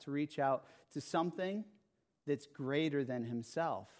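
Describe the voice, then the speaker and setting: A man preaching a sermon, speaking with emphasis, repeating phrases and checking in with "okay?" and "right?". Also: mid-range voice. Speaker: pastor.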